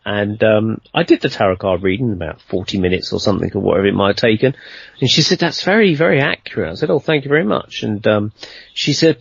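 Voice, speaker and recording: A man's voice: medium pitch, creaky, breathy edge, dry recording, highs cut off. A man telling a long anecdote in a casual interview, rambling and conversational, with lots of fillers and restarts. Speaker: guest storyteller.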